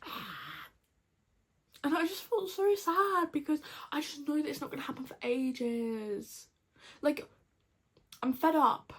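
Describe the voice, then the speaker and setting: A young woman recapping a TV episode to camera in a gushing, dramatic, chatty way. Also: high voice. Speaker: vlogger.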